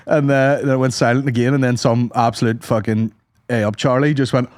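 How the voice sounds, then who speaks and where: A man's voice: medium pitch, fairly even intonation, brisk, darkish tone, no room sound, clean studio sound. A man co-hosting a podcast, telling rambling, sweary comic stories and acting out voices. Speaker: podcast co-host. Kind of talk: casual comedic storytelling.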